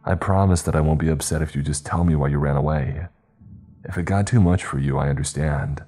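Narrator doing shaken young guy, pleading, insistent, dark low voice. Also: fairly quick.

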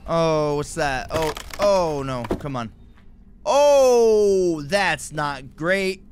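A man's voice: fairly high pitch, expressive, extremely slow, a little hiss or hum. Jumpy nervous man playing a horror game. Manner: jumpy, nervous reactions, frequent exclamations. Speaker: gaming YouTuber. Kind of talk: horror game let's play commentary.

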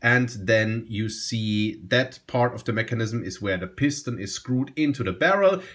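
A man talking through a fountain pen review in a relaxed, enthusiastic way, often repeating himself and restarting phrases. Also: medium pitch. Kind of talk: casual product review.

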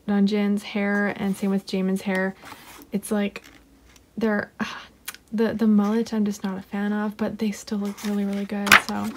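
A woman chatting casually at her desk while unboxing an album, excitable and giggly, often gushing and sometimes dropping to a whisper. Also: mid-range voice, slight background noise. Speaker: unboxing vlogger. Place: home desk.

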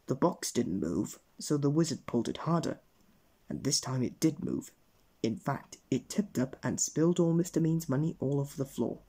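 A man's voice: fairly high pitch, moderate pace, slightly rough. Man reading a bedtime story. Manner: gentle, expressive reading aloud.

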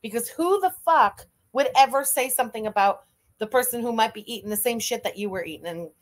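A young woman streams live reaction commentary, her voice sitting a little high. She talks bluntly and mockingly, swearing freely as she thanks viewers and tears into the clips. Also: expressive, brisk. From Canada.

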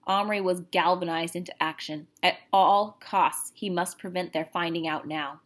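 A woman's voice: lowish voice, moderate pace. Woman reading a storybook aloud. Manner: expressive, lively narration.

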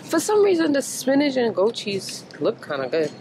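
A woman's voice: fairly high pitch, wildly swooping pitch, moderate pace, background noise. A woman casually vlogging to her viewers while shopping in a large store, chatting and exclaiming often as she holds the camera. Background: background music.

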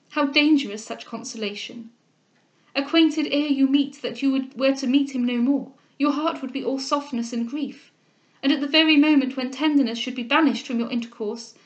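A woman reading the part of an older gentlewoman and mother, earnest and insistent, in a formal manner. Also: high voice, lo-fi sound, close to an everyday voice.

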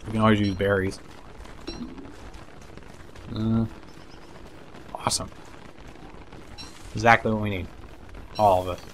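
A man giving casual let's play commentary, excitable and swearing, talking to the creatures in the game. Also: fairly low pitch, unhurried, long pauses, a little hiss or hum. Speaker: gameplay commentator.

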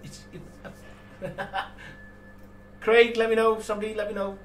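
A man's voice: sits high, level tone, a little slow, distant mic. A man hosting a live model-making stream, chatting casually and laughing a lot, with many restarts and fillers. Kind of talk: casual livestream chat. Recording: echoey room, voice from off the mic, faint room noise.

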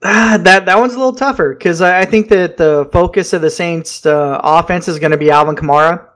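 A man chatting casually as a co-host on a sports fan podcast, relaxed and easygoing. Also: high-pitched, a little fast.

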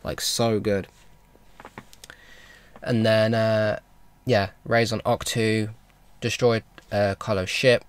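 A man talks through a film recap in a casual vlog, rambling along with plenty of ums and restarts. His voice sits a little low, and he sounds like an eager fan. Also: flat delivery, slow pace, long pauses, clean tone. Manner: rambling, with many fillers and restarts; enthusiastic fan talk. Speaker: vlogger.

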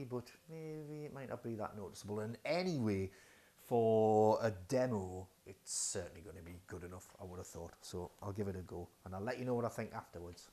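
A man's voice: lowish voice, mellow. Man thinking aloud while testing a mic. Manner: thinking aloud, hesitant, many fillers. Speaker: gear reviewer. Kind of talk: casual unboxing review. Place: dining room at home. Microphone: wireless radio mic under test.

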